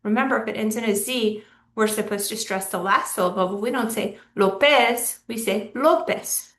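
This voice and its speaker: A woman's voice: medium pitch, brisk, a bit bright, reverberant, distant mic. A woman teacher from Texas giving a recorded lesson, patiently explaining step by step with examples. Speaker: Spanish teacher.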